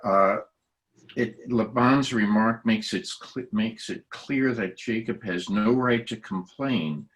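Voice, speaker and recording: Man leading text study, low-pitched, very slow, halting with many fillers. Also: fairly bright tone. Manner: hesitant, many fillers and restarts. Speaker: study group leader. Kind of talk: halting Torah study discussion.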